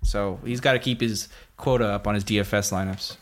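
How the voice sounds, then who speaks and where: A man's voice: fairly low pitch, brisk, a little hiss or hum. A man hosting a podcast, chatting casually about football picks with plenty of fillers and laughter. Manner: relaxed, laughs often, many fillers. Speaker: podcast host. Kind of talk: casual sports betting chat.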